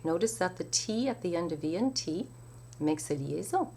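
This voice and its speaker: A woman teaching the recitation of French poetry, explaining each rule with slow, careful enunciation. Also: lowish voice, lively intonation, mellow, slight background noise. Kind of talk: spoken lesson with recitation.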